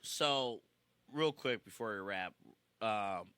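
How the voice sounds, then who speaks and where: A man co-hosting a podcast in casual chat, animated and jokey. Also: lowish voice, slow, smooth, dry recording. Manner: animated, jokey, gets excited. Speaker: podcast co-host.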